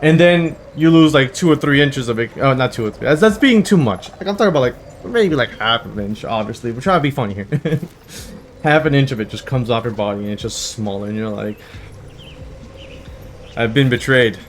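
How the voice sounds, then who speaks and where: A young man in his twenties, a gaming channel host, telling a rambling, jokey story in a casual way, with sudden loud bursts. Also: mid-range voice, animated, fairly quick, a little hiss or hum. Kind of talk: casual storytelling over gameplay. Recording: faint background music.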